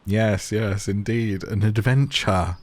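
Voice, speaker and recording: A man voicing a gruff old male sea-loving game villager who calls people laddie. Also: fairly low pitch, takes it slowly. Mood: hearty.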